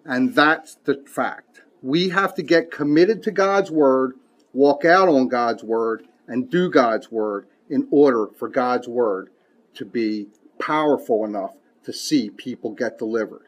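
A man's voice: mid-range voice, measured pace, highs cut off. A man preaching a sermon who reads scripture aloud emphatically and mixes in folksy, casual asides.

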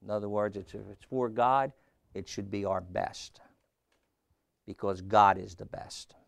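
A man's voice: on the low side, fairly even intonation, vocal fry, no room sound. A man preaching a sermon, putting questions to his listeners and pressing each point. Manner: slow, emphatic preaching with questions to the congregation.

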